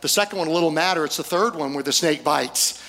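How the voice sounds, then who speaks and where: A male pastor briefly voicing his father, a fearless forester, matter-of-fact and quick. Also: a little high, pushed and bright, long reverb tail.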